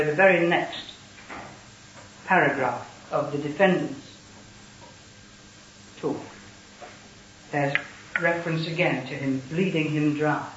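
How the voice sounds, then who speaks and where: A man, a barrister speaking formally and deliberately to a jury in a courtroom. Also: on the high side, recorded from a distance, a little hiss or hum. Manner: formal, deliberate, reads transcript passages aloud. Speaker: prosecuting barrister. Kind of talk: address to a jury. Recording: dull, roomy courtroom recording.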